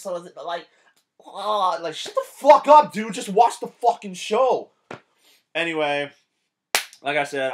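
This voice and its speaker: A man ranting casually through a show review, profane and rambling, getting excitable. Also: fairly high pitch.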